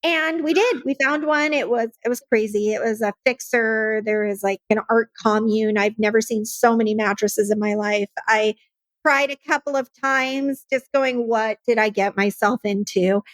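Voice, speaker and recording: Earnest woman telling her story, higher voice. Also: moderate pace, dry recording. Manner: earnest, acts out her own past dialogue. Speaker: nonprofit founder, podcast guest. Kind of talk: personal storytelling in an interview.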